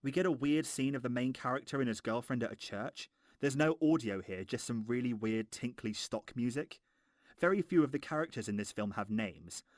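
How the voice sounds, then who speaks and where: A man's voice: medium pitch, expressive, normal speed, no room sound. A man with a posh Home Counties English accent, narrating a sarcastic, sweary film review.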